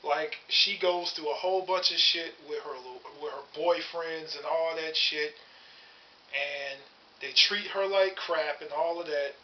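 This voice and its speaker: Speaking to camera, a man in his thirties vents about his own experiences in an angry, foul-mouthed, blunt monologue. His fairly high voice runs a little slow, and the dull lo-fi audio carries a little hiss or hum.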